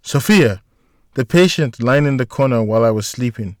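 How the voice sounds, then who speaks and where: A man's voice: mid-range voice, animated, normal speed, no echo, studio quality, close to an everyday voice. A man voicing an earnest young man in an audiobook, eager and apologetic. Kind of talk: audiobook character voice.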